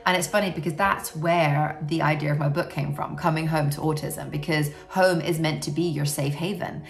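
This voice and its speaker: A woman's voice: deep voice, steady tone, normal speed, creaky. A woman sharing her experience as a parent in a frank, reflective talk to camera, often saying "you know". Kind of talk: candid personal talk to camera.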